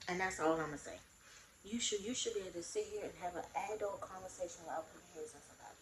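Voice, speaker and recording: Blunt, animated woman telling a storytime. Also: lowish voice, very fast, reverberant, a crowd in the background, rough recording. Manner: animated, blunt, acts out both sides of a quarrel. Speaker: vlogger. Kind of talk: casual storytime vlog. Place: room in her home.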